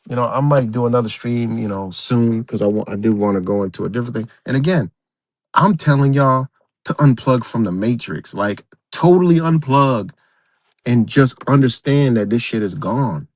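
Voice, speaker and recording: A man's voice: medium pitch, normal speed, dry recording, studio quality. A man hosting a livestream, ranting unscripted, profane and emphatic, repeating himself and talking straight to his viewers. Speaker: livestream host.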